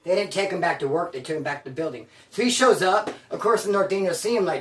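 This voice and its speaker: A man's voice: sits high, lively intonation, fast talker, few pauses. A man who served time, telling a prison story in casual street slang, swearing freely and acting out what people said. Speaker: former inmate storyteller. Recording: roomy echo, distant mic.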